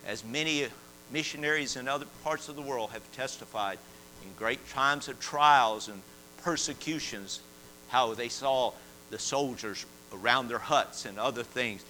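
A man, a prison chaplain preaching a sermon and telling stories in a folksy way, at times rising into shouted praise. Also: medium pitch, slight background noise, low-quality recording. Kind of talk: sermon with testimony.

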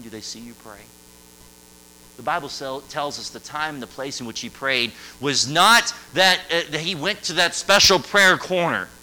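A male youth pastor preaching a sermon, swinging from loud passionate lines to quiet hushed ones. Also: medium pitch, a little hiss or hum, rough recording.

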